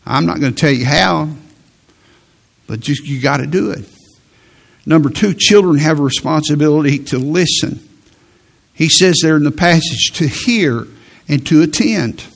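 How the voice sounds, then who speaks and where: Male preacher, slightly high gravelly voice, emphatic sermon delivery. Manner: slow emphatic preaching, quoting scripture.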